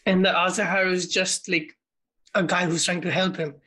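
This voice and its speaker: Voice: medium pitch, level tone, moderate pace, bright, forceful tone. A co-host of a film podcast in casual chat, enthusiastic and profane, retelling scenes by quoting them.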